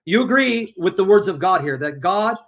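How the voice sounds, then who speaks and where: Insistent high-voiced man debating. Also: lively intonation, normal speed, poor audio. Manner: insistent, reads scripture aloud with emphasis. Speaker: Christian debater. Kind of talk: live religious debate.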